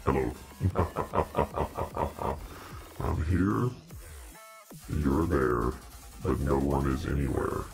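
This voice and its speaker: A man's voice: rumbling low, very slow, creaky, pauses often, soft background music. A man hosting a casual livestream in a demon persona, rambling and joking while talking to his viewers.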